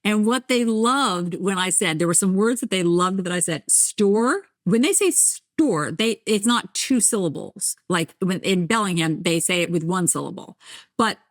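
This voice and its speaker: A middle-aged journalist and author from New Jersey, with a light accent from there, tells stories candidly as a podcast guest, acting out others' lines and laughing at herself. Her somewhat low voice moves at a moderate pace in this animated, self-deprecating interview, recorded close and dry.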